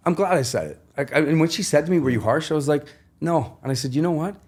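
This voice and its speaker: A middle-aged man chatting on a podcast as the guest, telling stories with lots of swearing and quick acted-out voices. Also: fairly high pitch. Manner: animated storyteller, swears freely, acts out voices. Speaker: guest singer. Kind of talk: casual podcast chat.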